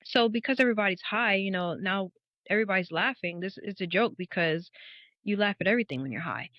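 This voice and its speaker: A woman's voice: mid-range voice, fast, no room sound. A woman in her thirties, a guest on a podcast, telling her personal testimony in an earnest, reflective way. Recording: dull, slightly muffled audio.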